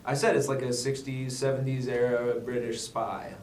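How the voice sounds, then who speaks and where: A man hosting an improvised comedy show, mock-formal, defensive and quick to protest. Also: mid-range voice, little pitch movement, a little mellow. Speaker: host. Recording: echoey room, distant mic, faint noise.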